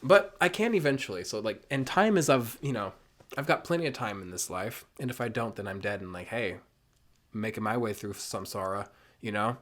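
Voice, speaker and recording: Man streamer, tipsy and a bit hoarse, rambling jokey game chat, voice jumping all over. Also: on the low side, lively intonation, a little fast, a bit bright. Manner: rambling, self-mocking, jokey. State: mildly tipsy. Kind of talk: casual gameplay commentary.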